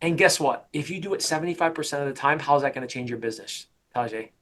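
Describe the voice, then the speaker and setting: A middle-aged man coaching a sales team, talking in an energetic, emphatic way and often repeating his points. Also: a little high, fast. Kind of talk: coaching session.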